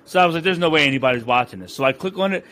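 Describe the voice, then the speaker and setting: A man's voice: on the high side, lively intonation, very fast, pushed and bright. A young man co-hosting a podcast, ranting in a heated, profane way. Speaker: podcast co-host. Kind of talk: casual podcast rant.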